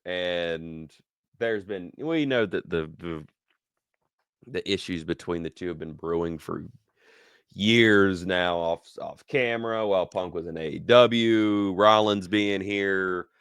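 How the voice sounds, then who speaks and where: Bright, crisp-voiced man reviewing wrestling. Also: low voice, slow pace, no echo, studio quality. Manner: animated storyteller who acts out quotes, laughs often; repeats words and restarts mid-sentence. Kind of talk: casual wrestling review chat.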